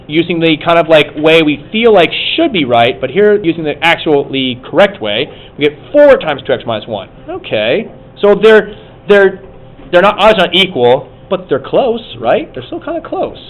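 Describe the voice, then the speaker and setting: A man's voice: on the high side, lo-fi sound, slight background noise. A man teaching a math class, talking casually and thinking aloud as he coaxes students through problems. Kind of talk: classroom lecture.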